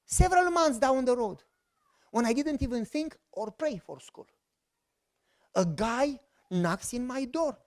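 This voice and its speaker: A middle-aged man with a Romanian accent, preaching a sermon as a lively, joking storyteller who acts out the dialogue. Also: very high voice, measured pace, long pauses. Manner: animated, jokey, acts out dialogue. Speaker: pastor.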